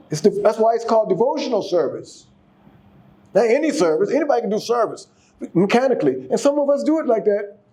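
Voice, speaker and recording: A man's voice: sits high, warm tone. A man giving a casual sermon, exhorting the congregation, often repeating and restarting his words. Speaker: speaker giving a class.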